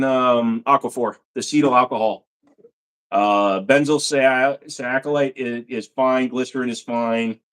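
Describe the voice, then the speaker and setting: A man's voice: medium pitch, clean tone. A man hosting a casual livestream from his computer at home, answering chat questions and playfully slipping into silly accents.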